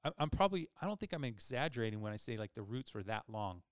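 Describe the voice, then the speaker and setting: A man hosting a podcast, telling a long personal story in a casual, animated way with many fillers. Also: medium pitch, quick pace, no echo, studio quality. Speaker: podcast host.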